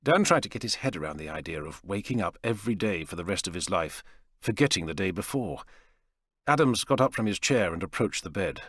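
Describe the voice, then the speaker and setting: A man narrating a dystopian science fiction audiobook in a measured, even storytelling manner. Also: low-pitched, slightly rough, dry recording, clean studio sound. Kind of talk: scripted narration.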